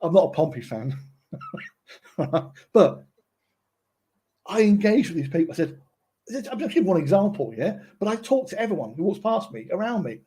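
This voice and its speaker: Husky, chatty man. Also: high voice, very animated, normal speed, pauses often, warm tone. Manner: chatty, keeps checking in with listeners. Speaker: presenter. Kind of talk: casual tutorial talk.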